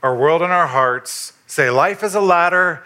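A man, a pastor, preaching a sermon in a conversational way and rising in pitch when he stresses a point. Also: a little slow. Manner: conversational preaching, animated rises for emphasis.

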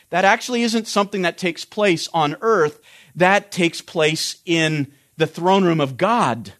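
A man's voice: sits high, fairly bright tone. A man teaching a Bible study lecture, explaining a text earnestly with frequent restarts.

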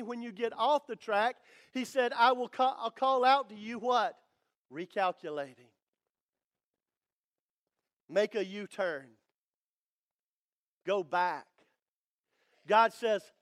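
A man preaching a sermon as pastor, building to emphatic declarations with dramatic pauses. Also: very high-pitched, fairly bright tone.

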